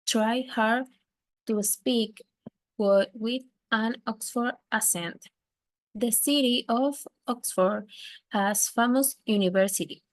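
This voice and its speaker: A woman, a student, reading a text aloud carefully and haltingly, with small slips. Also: medium pitch, no echo.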